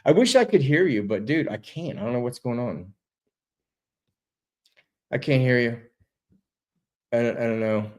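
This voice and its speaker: A man's voice: medium pitch, unhurried, long pauses. A man telling a story as a guest, casual and laid-back, over a video call. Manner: animated, laid-back, says dude a lot, swears. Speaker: interview guest.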